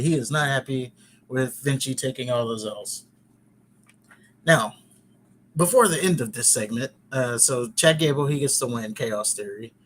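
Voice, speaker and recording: A man's voice: medium pitch, slight background noise. A man hosting a podcast, casually recapping wrestling in a chatty, rambling way with joking asides. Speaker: podcast host.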